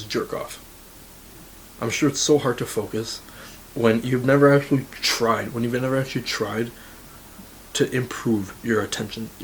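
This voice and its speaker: Speaking at a medium pitch, a Canadian university student of eighteen gives blunt, laid-back self-improvement tips straight to the camera, cursing freely and leaning on "like" a lot. It's a motivational talk captured on a rough recording with slight background noise.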